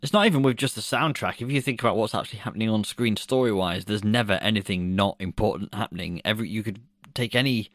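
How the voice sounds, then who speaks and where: A man's voice: on the low side, fast, fairly bright tone, dry recording, studio quality. A man co-hosting a podcast. He reviews a film in casual, jokey chat, laughing often and swearing freely. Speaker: podcast co-host.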